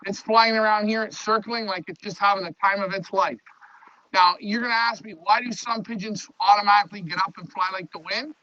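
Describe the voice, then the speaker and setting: A man talking loudly to his pigeons as he shows his loft on a live phone stream. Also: high-pitched, fairly even intonation, a little fast, no room sound. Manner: loud, talks to his birds. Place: pigeon loft, outdoors nearby. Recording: dull lo-fi stream audio.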